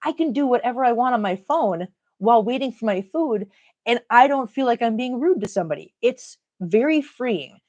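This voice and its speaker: A woman's voice: on the high side, expressive, normal speed, darkish tone, muffled recording. Chatty laughing Midwestern woman streaming live. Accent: Upper Midwest American. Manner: chatty, laughs often, reads viewer comments aloud. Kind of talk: casual live-stream chat.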